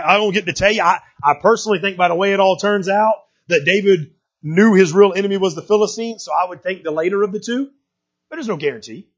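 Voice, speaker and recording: A man preaching a sermon in a folksy, animated way, often checking in with the congregation. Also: sits high, breathy edge, dull audio. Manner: folksy, animated preaching with frequent "right?" asides. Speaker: pastor.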